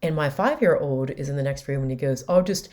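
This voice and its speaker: A woman's voice: very deep voice, animated, fast talker, a little mellow. A woman host candidly recounting a personal story in a conversational way. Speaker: podcast host.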